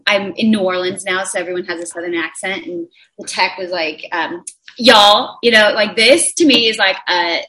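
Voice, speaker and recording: A woman's voice: lowish voice, fairly quick, hardly any pauses, bright, forceful tone. A woman in her thirties, a stage actress, chatting as a guest and acting out the voices in her stories. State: sleep-deprived. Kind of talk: casual chat.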